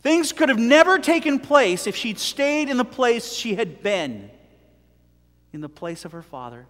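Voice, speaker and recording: Animated male preacher, high and lively, joking through a sermon; long church reverb. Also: a little slow. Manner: animated, jokey, dramatic swings in volume.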